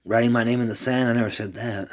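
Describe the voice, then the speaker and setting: A man's voice: mid-range voice, fairly even intonation, quick pace. Rambling, profane man talking to camera.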